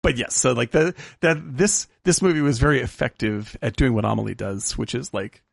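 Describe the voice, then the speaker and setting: A man co-hosting a casual film-review podcast, animated and quick to laugh, often restarting his sentences. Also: mid-range voice, creaky, dry recording, clean studio sound.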